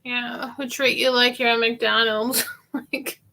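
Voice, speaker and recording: Giggly pharmacy girl chatting on a live stream, kinda high and raspy-fry voice. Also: level tone, slow, bright, forceful tone, slight background noise. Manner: giggly, rambling, lots of fillers. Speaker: pharmacy worker. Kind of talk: casual live-stream chat.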